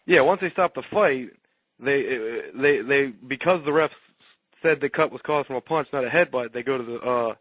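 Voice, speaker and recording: A man co-hosting a radio fight-talk show in casual chat, talking loosely with quick restarts. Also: medium pitch, dry recording. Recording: tinny phone-like dry audio.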